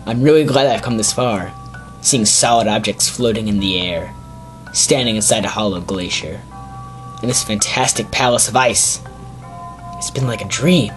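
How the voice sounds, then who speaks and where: A man's voice: fairly low pitch, normal speed, close to an everyday voice, poor audio. A man voicing an earnest young male colt Pokemon, reading its message in a solemn, heartfelt way over game music.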